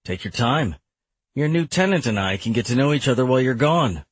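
A man voicing a smug opposing attorney, crude and needling in a husky voice. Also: mid-range voice, animated, a little fast, no echo, pitched above the performer's own voice.

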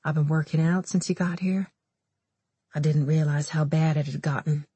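A woman voicing a soft-spoken male prisoner on his wedding day, quiet and earnest. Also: fairly high pitch, fairly even intonation, moderate pace, husky, dry recording. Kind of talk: audiobook character voice.

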